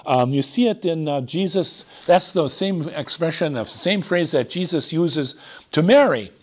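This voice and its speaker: Animated man preaching with lively pitch. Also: a little slow. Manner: animated, digressive, dramatic emphasis. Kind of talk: sermon.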